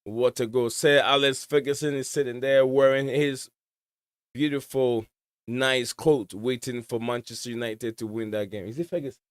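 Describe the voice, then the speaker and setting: A man hosts a live football watch-along with friends on a call. His voice is smooth and resonant, with a dry, close sound and no room around it. He rambles casually and stumbles through fillers and restarts. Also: mid-range voice, fairly even intonation, normal speed, no room sound. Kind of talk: casual live match commentary.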